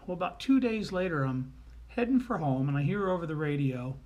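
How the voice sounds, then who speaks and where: A man telling family anecdotes in a casual, folksy way, with frequent pauses and fillers. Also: on the high side, animated, darkish tone. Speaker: storyteller.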